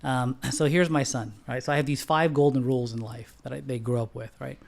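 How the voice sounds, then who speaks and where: Speaking a little fast, this middle-aged man, a bank founder, shares animated anecdotes on a podcast in a relaxed way. He clears his throat a lot, and quoting others sends him into sharp, squeaky outbursts.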